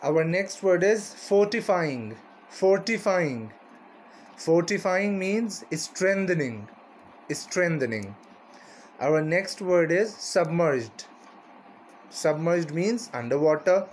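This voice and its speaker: A man's voice: high voice, expressive, takes it slowly, slight background noise. A man teaching a vocabulary lesson, repeating each word and its meaning and often asking "right?".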